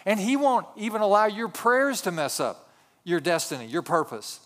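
A man's voice: high-pitched, very animated, moderate pace, fairly bright tone. A man preaching a sermon as a pastor, telling a story with a conversational manner and asides to the congregation.

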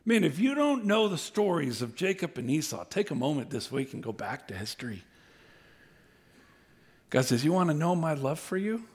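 High-voiced animated male preacher. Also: normal speed, slightly rough. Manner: animated preaching, voicing God's words with rising intensity. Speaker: pastor. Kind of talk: sermon.

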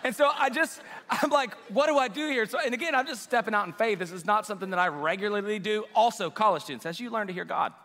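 Young male preacher, high bright voice, lively storytelling, long hall reverb. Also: fast. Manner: animated, self-mocking storytelling with quoted dialogue. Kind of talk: storytelling sermon.

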